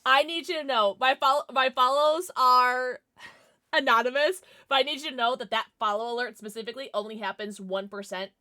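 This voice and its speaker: Bubbly, giggly woman streamer, high voice. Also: a little fast, bright, forceful tone. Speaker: game streamer. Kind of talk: casual livestream chat.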